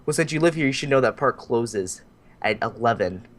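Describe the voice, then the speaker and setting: Young guy doing a prim old security guard, formal words, middle pitch, barely acted. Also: animated, normal speed, a little hiss or hum, close to an everyday voice. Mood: stiff. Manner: stiff, formal wording. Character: fussy older male neighborhood security guard.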